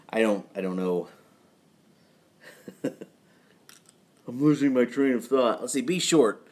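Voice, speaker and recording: A man casually chatting on his own live stream from his home garage at night, relaxed and rambling, with chuckling asides. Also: medium pitch, slow, pauses often, slight background noise.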